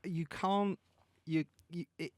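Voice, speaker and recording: A man co-hosting a podcast in casual chat, animated and laughing often as he acts out his own inner voice. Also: a little high, takes it slowly, no room sound, clean studio sound. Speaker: podcast co-host.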